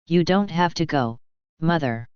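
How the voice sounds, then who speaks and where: A stubborn young man from a storybook who refuses to give way , as the narrator reads him. He speaks slowly and evenly in a crisp, smooth voice. The recording is dry and slightly muffled. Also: mid-range voice, no echo, natural voice. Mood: pleading. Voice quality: slow, even reading. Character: young man pleading with his mother.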